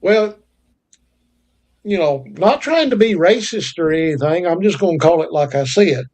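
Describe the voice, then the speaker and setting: A man's voice: on the high side, expressive, moderate pace, a little mellow. A man from North Carolina, co-hosting a casual podcast chat in a folksy storytelling way. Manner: folksy, drawling storyteller with country sayings. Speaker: podcast co-host.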